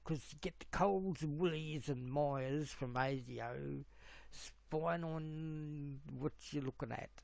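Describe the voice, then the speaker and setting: A man's voice: fairly high pitch, gravelly, no echo. A middle-aged man, rambling on a live stream while he fiddles with his stream settings. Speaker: livestream host.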